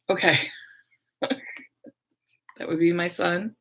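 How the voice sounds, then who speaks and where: A middle-aged woman who works as a medium, chatting casually on a livestream with her viewers, rambling and laughing often, her voice a little hoarse. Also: mid-range voice, moderate pace, fairly bright tone, a little hiss or hum. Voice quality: slightly hoarse.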